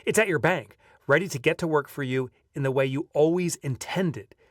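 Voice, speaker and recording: A man reading his own audiobook aloud, lively as a storyteller and breaking off now and then for casual asides. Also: on the high side, moderate pace, no echo, clean studio sound, distant mic. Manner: lively storyteller who breaks off to chat offhand. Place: video recording setup.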